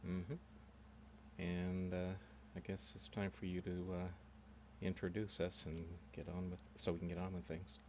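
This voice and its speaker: Deep-voiced wry man chatting on stream. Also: little pitch movement, unhurried, darkish tone, a little hiss or hum. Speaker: tour guide. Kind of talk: casual chat on a live stream.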